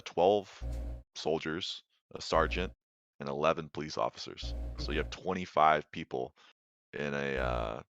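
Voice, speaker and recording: A man's voice: a bass voice, a bit bright. A man narrating a tabletop game as dungeon master in a rambling, filler-heavy, laid-back way.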